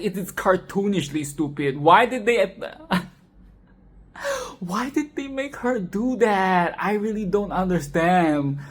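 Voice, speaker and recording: Laughing, exasperated young woman ranting. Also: mid-range voice. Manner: laughing, exasperated, swearing, animated outbursts. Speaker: film commentary channel host. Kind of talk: casual film rant.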